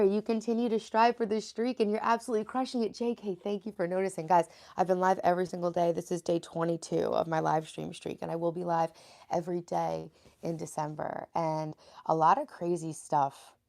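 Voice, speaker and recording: Raspy, sleepy woman chatting on stream. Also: fairly low pitch, steady tone, normal speed, mellow. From New York. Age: 30s. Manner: chatty, greets viewers by name and reads chat aloud. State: sleepy, just woke up. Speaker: live-streaming vlogger. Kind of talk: casual live-stream chat. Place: her bedroom at home.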